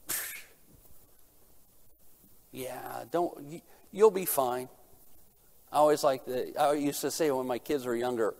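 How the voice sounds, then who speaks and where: A man's voice: a little high, darkish tone. A middle-aged man preaching a sermon, earnest, asking rhetorical questions and answering them himself. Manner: earnest, rising in intensity at key points. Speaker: pastor.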